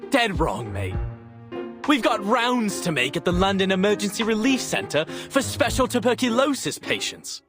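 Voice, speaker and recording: Overexcited sleepless clerk, high bouncy voice, theatrical, music underneath. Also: male voice. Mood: excited. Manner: excitable, theatrical, fast-talking bursts. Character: sleepless, overexcited young male civil servant. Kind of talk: game voice acting.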